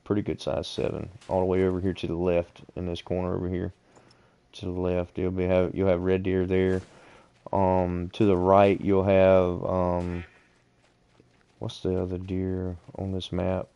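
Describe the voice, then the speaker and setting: A man with a low, even voice chats casually while streaming a game, unhurriedly steering his fellow players around the map. His tone is smooth and warm, and the recording is close and dry. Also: no room sound. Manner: unhurried, explains directions to other players. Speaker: gaming streamer. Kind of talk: casual gameplay chat.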